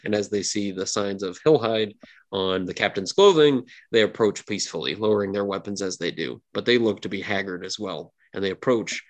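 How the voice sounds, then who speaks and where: Low-voiced man narrating as game master. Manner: loose narration with many fillers.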